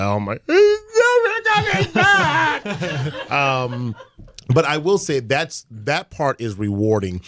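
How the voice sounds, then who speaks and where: A man's voice: medium pitch, no echo, clean studio sound. A man in his forties, a podcast guest, talking reflectively in casual chat with many fillers.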